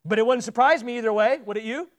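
A man with a strikingly high voice preaches a sermon to a congregation in a church. He talks casually, checks in with the listeners through questions, and stumbles over repeated words whenever he pushes a point home. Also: fast.

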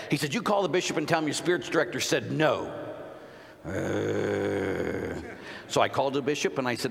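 Male priest, mid-pitch voice, punchy conversational sermon, big hall reverb. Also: vocal fry. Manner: animated, conversational preaching with rhetorical questions. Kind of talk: sermon to a men's conference.

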